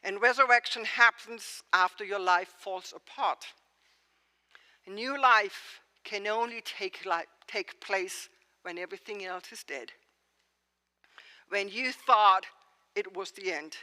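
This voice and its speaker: A woman's voice: mid-range voice, slow, pushed and bright. A woman pastor giving a sermon, preaching expressively and asking rhetorical questions. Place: church sanctuary. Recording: long church reverb.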